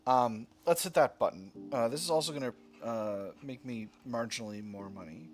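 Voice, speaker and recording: A man's voice: mid-range voice, normal speed. A man casually commenting on his strategy game as he plays, thinking aloud and often correcting himself. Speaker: let's play gamer. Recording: game music playing underneath.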